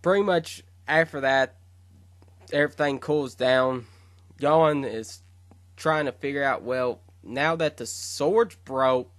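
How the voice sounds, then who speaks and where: A man rambles through a fan story he wrote, stopping to correct himself and fill the gaps with um and uh. His voice is bright and forward. The sound is dry, with no room around it. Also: medium pitch, no room sound. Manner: rambling, with fillers and self-corrections. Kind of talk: casual retelling of a fan fiction story.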